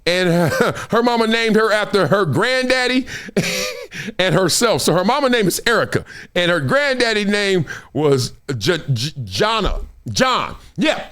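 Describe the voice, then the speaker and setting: A middle-aged man hosting his own show, chatting casually in slangy, animated talk with frequent laughs. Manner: animated, slangy, laughs often, quick jumps in pitch. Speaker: show host. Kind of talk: casual chat.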